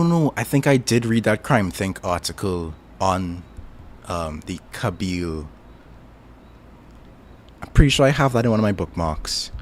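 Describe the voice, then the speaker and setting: A man's voice: low-pitched, a little hiss or hum. A Trinidadian man casually chatting with his stream audience, rambling and thinking aloud with lots of filler words. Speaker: streamer answering chat. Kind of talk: casual chat.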